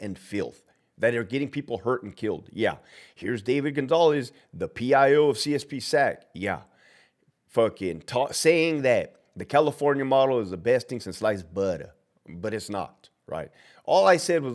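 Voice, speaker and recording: A man's voice: medium pitch, animated, moderate pace, darkish tone. A man who works as a prison officer, chatting on a live stream and answering viewers bluntly with constant swearing. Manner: talks back to viewers' comments. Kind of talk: casual live-stream chat.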